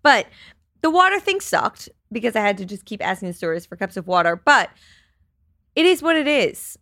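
A woman's voice: medium pitch, sing-song, brisk, sharp tone, no echo, studio quality. A woman in her thirties hosting a solo podcast, telling a story in a candid, chatty way and swearing freely. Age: 30s. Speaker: podcast host.

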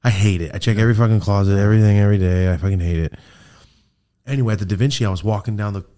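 A man hosting a podcast, telling ghost stories in casual chat, with heavy swearing and animated delivery. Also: lowish voice, rapid-fire. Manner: profane, animated storytelling. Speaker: podcast host.

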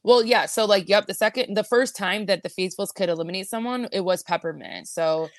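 A woman co-hosting a podcast, rambling casually with lots of fillers and quick asides. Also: medium pitch, no echo, studio quality. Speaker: podcast co-host. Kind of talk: casual recap chat.

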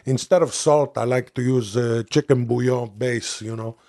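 A man voicing his pet dog, chatting in a relaxed, rambling way about how he cooks cabbage. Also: medium pitch, normal speed, gravelly, no echo, studio quality, natural voice. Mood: chatty.

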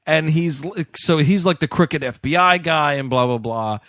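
A man's voice: a little high, moderate pace, few pauses, fairly bright tone, no room sound, clean studio sound. A man co-hosting a casual movie-review podcast, joking and swearing freely. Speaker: podcast co-host.

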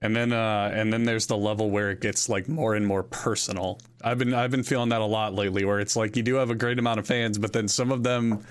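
A man's voice: on the low side, flat delivery, fast talker, few pauses, clean tone. Easygoing man chatting on a podcast. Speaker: podcast co-host. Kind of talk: casual chat.

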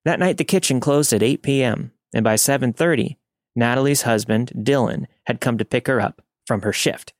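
A man narrating a first-person story in a steady, matter-of-fact way. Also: mid-range voice, moderate pace, no room sound, studio quality.

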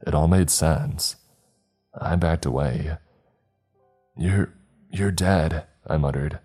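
A man narrating a horror story in a measured, ominous way. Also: extremely low pitch, dark tone.

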